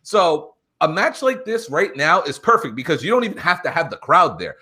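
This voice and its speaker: A man co-hosting a wrestling podcast, talking in an excited, profane, casual way. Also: on the high side, normal speed. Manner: animated, profane, builds excitement. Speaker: podcast co-host. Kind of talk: casual chat.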